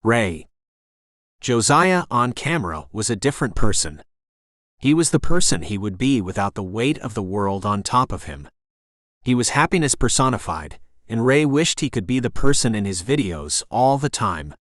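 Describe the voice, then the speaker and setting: Steady male audiobook narrator. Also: mid-range voice, normal speed, no room sound, studio quality. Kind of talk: scripted narration.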